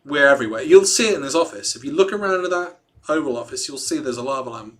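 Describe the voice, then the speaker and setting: A man's voice: medium pitch, lively intonation, fast talker. A man hosting a casual livestream, reading a statement aloud and chatting and joking with his viewers between lines. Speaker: livestream host.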